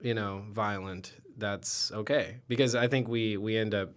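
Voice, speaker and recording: A man co-hosting a podcast, soft-spoken and trailing off with fillers as he talks. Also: fairly low pitch, steady tone, a little slow. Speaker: podcast co-host. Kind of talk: casual chat.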